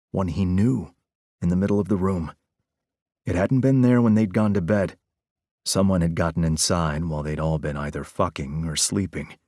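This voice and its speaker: A male audiobook narrator reads a scripted text steadily, his low voice carrying a measured storytelling delivery. The audio is dry and close, without any room echo.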